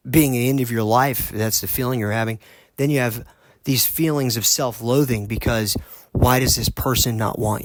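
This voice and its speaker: A man hosting a podcast, earnestly telling a personal story in a halting way, often restarting his sentences. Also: lowish voice, no echo. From United States. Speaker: podcast host.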